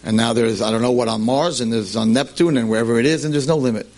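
A man teaching a class, telling a tale in an animated, emphatic way. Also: mid-range voice, fast. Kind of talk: storytelling lecture.

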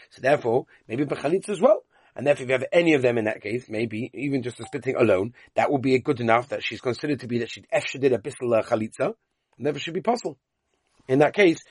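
Man, Talmud teacher, lively questioning delivery, slightly husky, dry room. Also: medium pitch, dry recording. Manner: reads Aramaic text and explains it in English, questioning and animated. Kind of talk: Talmud study class.

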